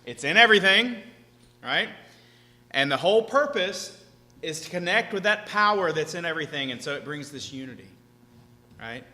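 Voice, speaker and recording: A man with a bright, forceful voice that sits a bit high for a man gives an animated seminar talk. He keeps checking in with the crowd. The sound is echoey and hall-like, with a faint hum behind him. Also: normal speed, long pauses. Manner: animated, chatty, keeps asking "right?". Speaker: speaker teaching a seminar audience. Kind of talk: lively seminar talk to an audience. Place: large hall with an audience.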